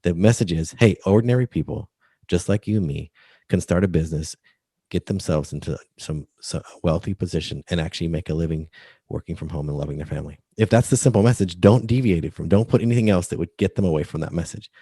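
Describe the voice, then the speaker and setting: A man's voice: low-pitched, quick pace, warm tone, husky, dry recording, studio quality. A man as a podcast guest, explaining earnestly how books should lead readers to one step. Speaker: guest, book coach. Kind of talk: podcast interview.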